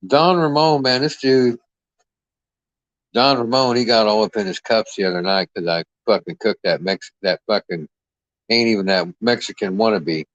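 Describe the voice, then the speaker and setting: A very deep-voiced man hosts a livestream and trades crude insults in a brash, mocking drawl. The sound is dry and a little dull, like a cheap mic close up. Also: moderate pace, a bit bright, no room sound. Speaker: livestream host. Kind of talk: crude trash-talking livestream chat.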